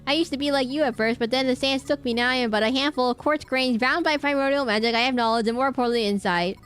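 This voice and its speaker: A woman's voice: high-pitched, fast, a bit bright, slight background noise. A woman voicing an ancient sand spirit bound by magic, reading its lines solemnly.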